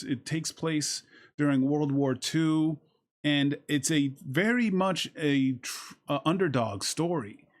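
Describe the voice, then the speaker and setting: An excitable man talks through a film review in a loose, rambling way, stacking up fillers and starting his sentences over. His pitch jumps around a lot as he gets worked up, and he sometimes breaks into a sudden shout. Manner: acts out his own reactions with sudden shouts. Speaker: movie reviewer. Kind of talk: casual spoken review.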